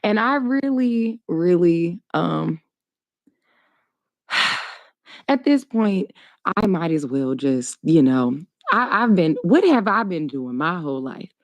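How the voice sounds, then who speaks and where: A woman on a discussion panel, talking casually in an animated, sarcastic and emphatic way. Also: lowish voice, slow pace, dry recording. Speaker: debate panelist.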